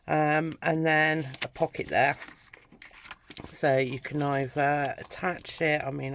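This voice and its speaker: A woman with a Dorset accent chatting warmly to camera as a craft vlogger, full of ums and restarts. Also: low-pitched, gravelly, slight background noise. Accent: Dorset English. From Dorset, England. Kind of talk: casual chat to camera.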